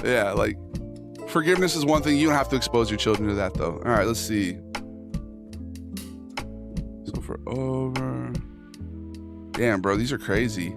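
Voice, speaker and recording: A man hosting a casual livestream, reading posts aloud and reacting with jokey, profane banter to his chat. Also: medium pitch. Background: instrumental music playing under the talk.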